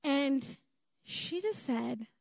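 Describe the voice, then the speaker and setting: A woman's voice: high voice, animated, extremely slow, creaky, darkish tone, no echo, studio quality. A woman preaching a sermon in an earnest, emphatic way, repeating her key phrases for weight.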